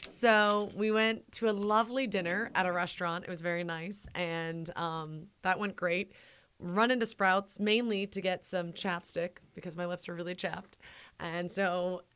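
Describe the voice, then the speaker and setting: A woman's voice: lowish voice, fairly even intonation, a little slow, fairly bright tone, clean tone. Chatty woman telling a story. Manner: chatty, acts out quoted people. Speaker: co-host, host's wife. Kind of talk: casual storytelling chat. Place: home office.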